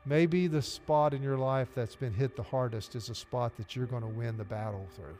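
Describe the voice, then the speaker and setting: With a medium pitch, fairly even intonation and a darkish tone, a pastor from Arkansas preaches at normal speed in a Southern US accent. His sermon is earnest and direct, recorded in a church sanctuary with long hall reverb and faint background music.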